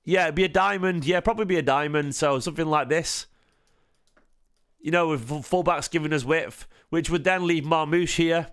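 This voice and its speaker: With a slightly high, somewhat bright, clean voice at a moderate pace, a weary football fan streamer rambles through his show, half asleep, restarting frequently and asking his chat things.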